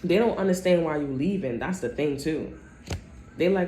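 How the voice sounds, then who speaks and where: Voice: mid-range voice, normal speed. A tarot reader giving a casual, rambling reading full of cursing and asides. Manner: profane, rambling, animated. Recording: roomy echo, faint background noise.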